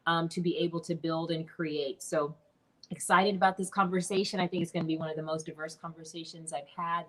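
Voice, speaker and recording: A woman in her forties, a guest on a video-call interview, talking in an animated, expressive way. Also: sits low, fairly quick, poor audio. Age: 40s. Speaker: guest, business mentor. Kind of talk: interview conversation.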